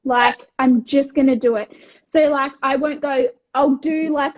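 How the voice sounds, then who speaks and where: A high-pitched Australian woman in her thirties chats energetically on a coaching podcast. She is blunt and swears freely, slipping into voices for her own past thoughts. The recording has a slightly dull, lo-fi sound. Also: steady tone, a little slow, a little mellow. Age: 30s. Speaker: wellness coach and co-host. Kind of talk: casual podcast chat.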